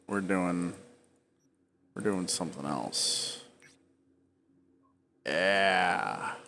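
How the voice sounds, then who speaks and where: A man's voice: sits low, extremely slow, sharp tone. A man in his forties talking casually over gameplay, rambling off into tangents, hiccuping and speaking around a swollen tongue. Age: 40s. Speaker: gameplay video creator.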